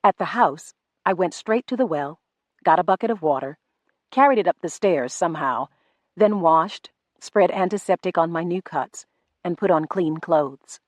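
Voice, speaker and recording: A woman reading a novel aloud in first person, measured and restrained. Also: lowish voice, lively intonation, no room sound. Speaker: audiobook narrator. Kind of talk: first-person audiobook narration.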